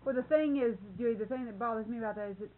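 A woman's voice: a little high, very fast, slight background noise. A woman in casual conversation, speaking earnestly and thinking aloud in restarts. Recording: lo-fi phone-like tape with people around.

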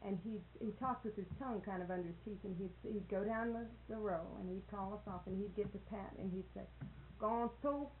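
A schoolteacher chats easily, winding through anecdotes about her classroom. Her voice sits at a middle pitch. The recording is thin and phone-like, with a steady hiss. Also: fast, few pauses. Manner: chatty anecdotal storyteller. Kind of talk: casual conversation.

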